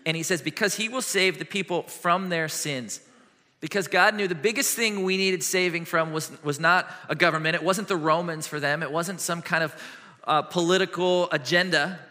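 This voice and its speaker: A man preaching a sermon as a pastor, animated and earnest, moving between lively questions and hushed, gentle passages. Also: fairly high pitch. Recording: long hall reverb.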